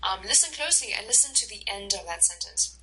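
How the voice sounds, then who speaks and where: A woman instructor giving a recorded lecture over slides, explaining slowly and carefully with many fillers and restarts. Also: medium pitch, animated, pushed and bright, slightly rough, poor audio.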